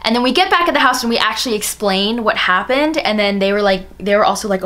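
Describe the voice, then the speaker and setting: A woman's voice: mid-range voice, lively intonation, quick pace, a bit bright. A young woman telling a personal story in a casual vlog, chatty and full of "like.". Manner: chatty, fillers of "like" throughout. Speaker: storytime vlogger.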